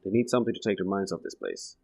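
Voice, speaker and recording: A man's voice: sits low, big pitch swings, very fast, gravelly, warm tone, faint music behind, heavily acted. A man voicing a weary, jaded woman who once ran a saloon, reading her game lines aloud. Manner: reads game dialogue aloud.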